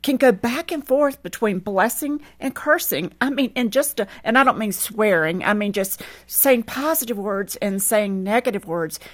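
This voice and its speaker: A woman tells a story as a guest on a talk program. She is animated, laughs easily and acts out the voices in her tale, with a middle-pitched voice. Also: normal speed, hardly any pauses. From American South. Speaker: guest author. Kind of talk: storytelling in a radio chat.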